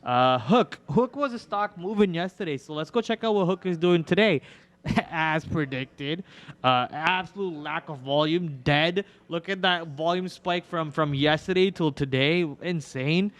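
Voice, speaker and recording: A young male host rattles off casual market commentary in a loose, rambling way, full of fillers and restarts. His voice sits a little high for a man and comes across smooth and clear. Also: a little slow, fairly bright tone. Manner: rambling, chatty, filler-heavy. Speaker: stock trading livestream host.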